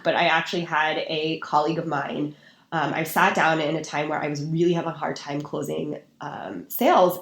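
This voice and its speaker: A woman's voice: on the low side, echoey room. A woman guest on a podcast, a sales and marketing expert talking casually and acting out gushing quotes. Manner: lively, acts out gushing quotes.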